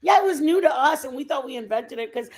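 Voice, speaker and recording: A woman's voice: high-pitched, expressive, quick pace, darkish tone. A middle-aged woman hosting a casual livestream, telling rambling home stories with lots of fillers. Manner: rambling, chatty storytelling with many fillers. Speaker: livestream host. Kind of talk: casual chat.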